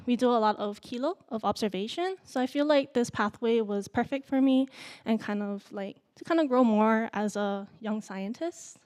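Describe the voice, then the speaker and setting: A young woman from Hawaii, giving a nervous, halting student presentation full of fillers. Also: on the high side, a little mellow, clean tone. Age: young adult. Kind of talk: symposium presentation.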